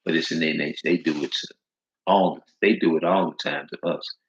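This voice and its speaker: A man's voice: very deep voice, steady tone, brisk, slight background noise. A man preaching informally and reading scripture aloud, emphatic and repetitive, in slangy speech that leans hard on stressed words. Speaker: street preacher. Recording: echoey room, dull lo-fi sound.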